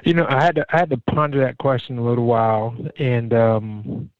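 Earnest pastor, muffled dry recording. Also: male voice, fairly quick, dry recording. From Jacksonville, Florida. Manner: earnest, animated storytelling with frequent "man". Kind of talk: conversational interview. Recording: dull, dry low-fi sound.

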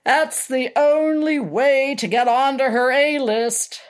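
A woman's voice: high-pitched, fairly even intonation, takes it slowly, smooth, pitched above the performer's own voice. A woman voicing a large middle-aged male character actor who talks bluntly and crudely. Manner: blunt, crude, matter-of-fact.

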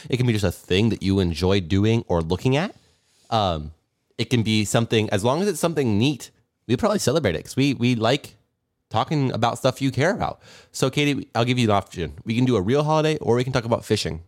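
A man's voice: mid-range voice, lively intonation, quick pace, dry recording, clean studio sound. Joking young man co-hosting. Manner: playful, joking, full of trivia questions. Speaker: podcast co-host. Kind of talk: casual chat.

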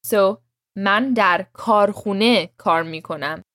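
Lady teacher walking a student thru vocab, patient and clear, says each word for him to repeat, mid pitch. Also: fast, fairly bright tone, no room sound, studio quality. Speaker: language teacher. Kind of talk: language lesson.

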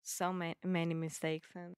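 A woman co-hosting a casual podcast in English, pausing to search for words. Her voice sits fairly low for a woman, and the sound is dry and close. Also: flat delivery, smooth, no echo. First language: Portuguese. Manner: searches for words, hesitant, good-humoured. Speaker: podcast co-host, English learner. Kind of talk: casual conversation.

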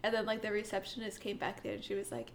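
A woman's voice: medium pitch, fast, a little hiss or hum. A young woman co-hosting a podcast, telling clinic stories in casual chat, with lots of "like" fillers and giggles. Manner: relaxed, many "like" fillers, giggles. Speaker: podcast co-host, veterinary clinic worker.

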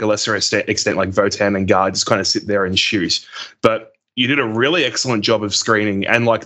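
A man with an Australian accent and a fairly low, bright, forceful voice chats about a tabletop game on a podcast. He talks loosely, hedging with plenty of "like" and "um" fillers. It sounds like easygoing podcast talk. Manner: relaxed, hedging, many "like" and "um" fillers. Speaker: guest player. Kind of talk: casual podcast chat.

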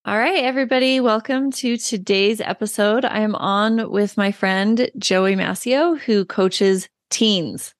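A woman's voice: medium pitch, a little slow, few pauses, dry recording. Give me an enthusiastic woman podcast host and parent coach, chatty and upbeat, with a dry close sound. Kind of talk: casual podcast interview.

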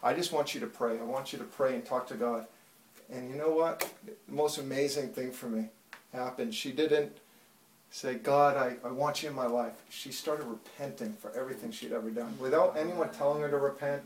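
A man giving a church testimony as a lively storyteller, dropping to a hush and then rising loud as the story builds. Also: mid-range voice, moderate pace, slight background noise. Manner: animated storyteller, swings from hushed to loud. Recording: echoey room, mic far off.

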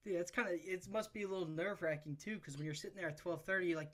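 Enthusiastic male host, fast and a touch high-pitched, casual interview tone. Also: fairly even intonation, a bit bright. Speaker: podcast host.

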